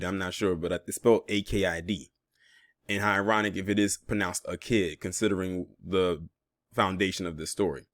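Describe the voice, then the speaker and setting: A man's voice: on the low side, dry recording, studio quality. A man in his early thirties doing news commentary, reading reports aloud and reacting with emphatic disbelief. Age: 30s. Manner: incredulous, emphatic, drawls when outraged. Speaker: commentary YouTuber.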